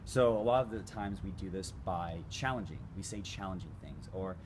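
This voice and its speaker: Male dating coach, low-pitched, laid-back and profane, talking to camera over audible background noise. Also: normal speed. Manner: blunt, casual, swears freely. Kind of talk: casual direct-to-camera advice.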